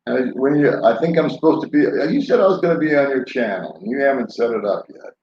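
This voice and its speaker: A man's voice: mid-range voice, lively intonation, fast, a little mellow, a little hiss or hum. An older man chatting casually on a live stream, rambling and laid-back, laughing often as he answers viewers. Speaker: vlogger answering live chat. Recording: roomy, dull lo-fi sound.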